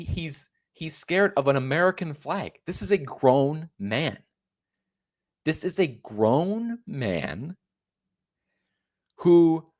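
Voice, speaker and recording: A man's voice: medium pitch, fairly bright tone. A man in his thirties hosting a casual commentary, reacting to a video in a sarcastic, incredulous tone. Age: 30s. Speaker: host.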